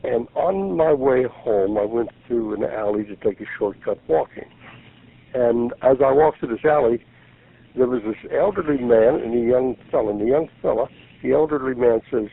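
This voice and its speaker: A man's voice: medium pitch, lively intonation, moderate pace. A man in his seventies, a pastor, telling his story earnestly in a radio interview and acting out what people said. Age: 70s. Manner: earnest, retells events by acting out the voices. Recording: gravelly voice over a tinny phone line.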